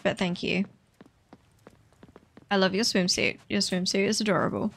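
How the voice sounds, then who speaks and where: A woman's voice: mid-range voice, flat delivery, moderate pace, creaky. A woman giving casual let's play commentary as she explores a game, chatty and hesitant with many fillers, breaking into squeals of delight at cute animals.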